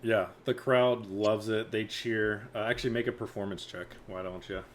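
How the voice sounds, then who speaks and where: A man narrating a tabletop game as game master, slow and unhurried, with many fillers. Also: lowish voice, fairly even intonation, slight background noise.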